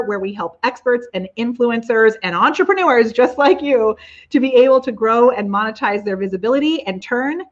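A woman's voice: a little high, highs cut off. A woman hosting a casual live video show from her living room, bubbly and exclamatory, gushing over her viewers. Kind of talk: casual live-stream chat.

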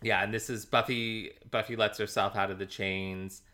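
A man's voice: lowish voice, little pitch movement, pushed and bright. A man co-hosting a casual podcast, talking in a hesitant way with many ums and chuckles. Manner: slow, hesitant, full of ums and laughs. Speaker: podcast co-host. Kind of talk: casual rewatch podcast chat.

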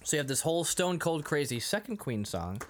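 A man's voice: a little high, a little fast. A man co-hosting a casual podcast, recapping a movie with lots of laughter and acted-out lines. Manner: animated, acts out movie lines, laughs often. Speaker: podcast co-host.

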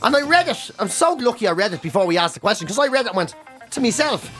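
A man's voice: high-pitched, sing-song, fast, fairly bright tone, faint music behind. An Irish man co-hosting a radio podcast, rambling through stories about himself, swearing freely in casual chat. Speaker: radio co-host. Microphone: studio microphone.

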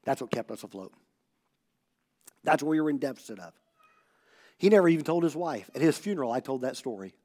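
A man preaching a sermon as pastor, telling a story and acting out the dialogue, swinging from loud bursts to hushed tones. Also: mid-range voice, lively intonation, a little fast, pauses often.

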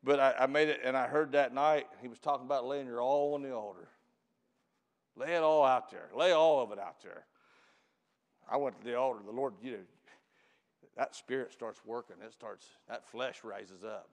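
A man preaching a camp meeting sermon as pastor. He stretches and shouts key lines to the church, then drops into quick, quiet storytelling. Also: mid-range voice, long reverb tail. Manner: preaches with loud drawn-out emphasis, calls out to the church.

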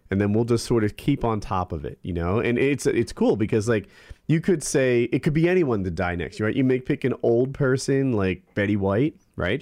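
A man co-hosting a podcast, explaining an idea in relaxed casual chat. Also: medium pitch, dry recording, clean studio sound. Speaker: podcast co-host.

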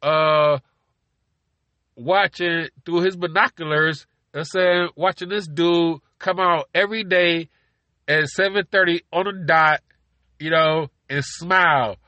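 A man's voice: on the high side, fairly even intonation, measured pace, sharp tone, no room sound, lo-fi sound. A man hosting a podcast from his car, rambling casually and profanely, constantly asking "you know what I'm saying". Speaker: podcast host.

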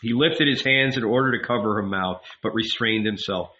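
Audiobook narrator, male, measured, bright tone, slightly muffled recording. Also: fairly low pitch. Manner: measured, unhurried. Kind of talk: audiobook reading.

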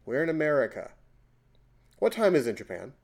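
A man in his forties hosting a casual podcast chat, telling stories with loud, emphatic bursts. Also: a little high, very animated, fairly quick, creaky. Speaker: podcast host.

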